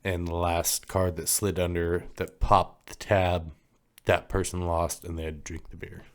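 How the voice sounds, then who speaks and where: A man with a low, deep voice chats casually as a podcast co-host. He rambles through old memories, laughs easily and lets his voice drop away at the ends of thoughts. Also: level tone, a little slow, clear, resonant tone. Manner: rambling, laughs often, trails off quietly. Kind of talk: casual chat.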